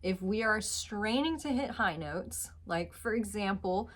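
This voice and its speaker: A woman singing teacher explains sharp and flat pitch at a slow, patient pace. Her voice is bright and clear, and she breaks into sung notes to show what she means. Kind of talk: vocal lesson.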